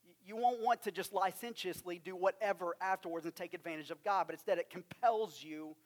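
A man with a West Texas accent preaching a sermon, emphatic, with drawn-out stresses and rhetorical questions. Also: high voice. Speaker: pastor.

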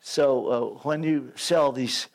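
A man's voice: medium pitch, fairly even intonation, takes it slowly. An older man preaching a sermon, telling stories, acting out voices and joking when he loses his place. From United States.

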